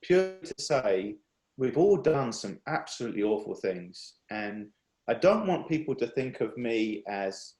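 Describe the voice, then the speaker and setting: A man giving an earnest, confessional personal testimony over a video call, halting and restarting as he speaks. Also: mid-range voice, big pitch swings, darkish tone, echoey room, poor audio. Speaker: speaker at a worship workshop.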